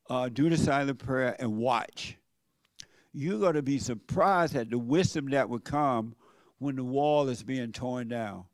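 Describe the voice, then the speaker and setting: A man's voice: medium pitch, smooth, dry recording. An older man preaching a sermon in a plain-spoken, folksy way, asking his listeners questions. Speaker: pastor.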